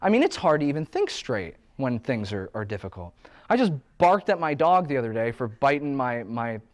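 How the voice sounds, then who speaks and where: Animated man coaching on stress. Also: mid-range voice, normal speed. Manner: animated and joking, with playful asides. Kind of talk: motivational talk.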